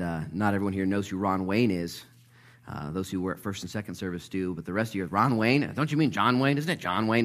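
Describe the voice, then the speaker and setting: A man preaching in church to a congregation. He is animated and jokes, and acts out the voices of Bible characters. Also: lowish voice. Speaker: pastor. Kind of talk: sermon.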